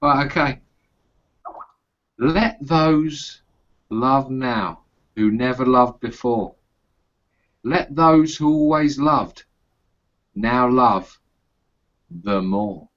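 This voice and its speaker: Guy, loud sweary banter, keeps laughing, muffled lo-fi sound. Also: medium pitch, extremely slow, long pauses. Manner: sweary, laughing, plays with slang. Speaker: podcast host. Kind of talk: crude casual banter.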